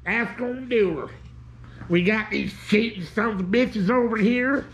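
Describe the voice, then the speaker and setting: A man's voice: high-pitched, unhurried, fairly bright tone, a little hiss or hum. A man off camera who heckles the host with dry, mocking one-liners during an RC truck run.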